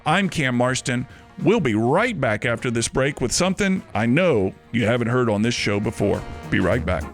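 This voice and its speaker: A man's voice: mid-range voice, sing-song, moderate pace, over music. A man hosting a radio show, musing aloud with rhetorical questions before a segment. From Mobile, Alabama.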